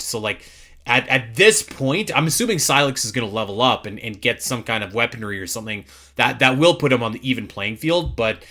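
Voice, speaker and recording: This young man co-hosts a casual podcast, and his voice is bright and punchy. He gushes with emphatic enthusiasm and often restarts his sentences as he goes. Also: medium pitch, very animated, brisk. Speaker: podcast co-host.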